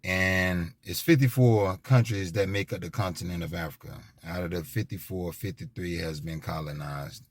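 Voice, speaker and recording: A man's voice: low-pitched, normal speed, hardly any pauses, no echo. A man giving an unscripted monologue, rambling and repetitive, with emphatic restarts and many fillers. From United States. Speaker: commentator.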